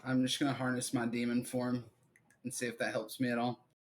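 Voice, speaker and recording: A man's voice: mid-range voice, monotone, brisk. A man playing in a tabletop game, stating his moves in short bursts. His tone stays casual throughout. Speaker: player.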